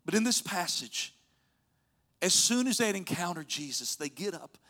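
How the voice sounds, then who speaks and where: A man's voice: sits high, very animated, moderate pace. Man preaching with rising and falling intensity. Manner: storytelling preacher, swings from loud urging to soft near-whispers. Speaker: pastor. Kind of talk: sermon.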